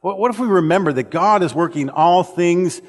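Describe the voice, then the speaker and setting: A man's voice: sits high, normal speed. A man preaching a sermon in a church, telling stories in an earnest way with frequent restarts. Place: church auditorium. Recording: long reverb of a church hall.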